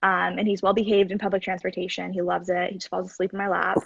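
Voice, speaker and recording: Young woman guest, gravelly fry, earnest explainer, dull dry call audio. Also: fairly low pitch, level tone, fast, fairly bright tone, no echo. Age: 20s. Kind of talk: casual chat.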